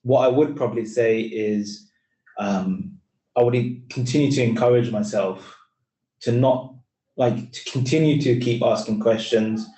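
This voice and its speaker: A man's voice: mid-range voice, steady tone, unhurried, mellow. A man, speaking on a careers panel in an earnest, rambling way full of restarts, heard over a video call. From East London, England. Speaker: finance employee, panel speaker. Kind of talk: casual panel talk. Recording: roomy, distant sound.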